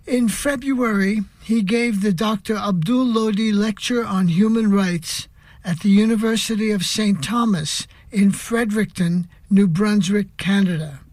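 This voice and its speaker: A male radio host reading a scripted introduction in a measured, deliberate way. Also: sits high, a little mellow, no echo.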